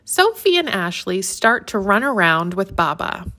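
A woman reading a children's story aloud in an expressive, sing-song way. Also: mid-range voice, measured pace.

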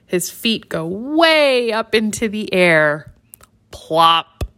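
Slow, sing-song woman storyteller. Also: mid-range voice, very animated, fairly bright tone, clean tone. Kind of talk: children's story read-aloud.

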